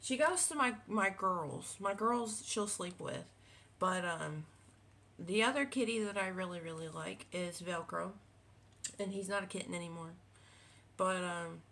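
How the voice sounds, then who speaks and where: A woman's voice: on the low side, pushed and bright, a little hiss or hum. A woman, a quilting vlogger chatting casually at home, rambling with many fillers and restarts. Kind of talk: casual chat. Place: home with cats.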